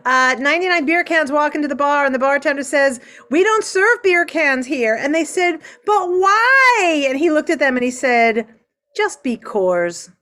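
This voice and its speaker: A woman hosting a live online improv comedy show, playfully calling on players and telling quick bar jokes. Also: high voice, a bit bright.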